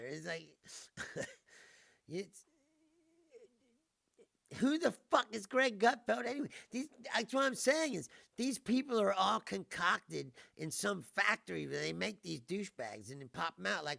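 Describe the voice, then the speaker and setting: A man's voice: high-pitched, vocal fry, sharp tone, no echo, studio quality. A middle-aged man hosting his own show, ranting casually with lots of swearing and laughter, mocking and sarcastic. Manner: swears a lot and laughs often. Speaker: show host. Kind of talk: casual profane rant.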